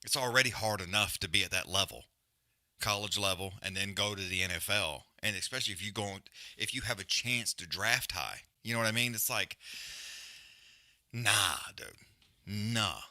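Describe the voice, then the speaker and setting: A man hosting a live fight-watch stream rants bluntly in a lowish, bright, forceful voice at normal speed, swearing heavily and using loose slang before calling the action. His talk rambles, with restarts and trailing mutters. The recording is dry and clean, with studio sound.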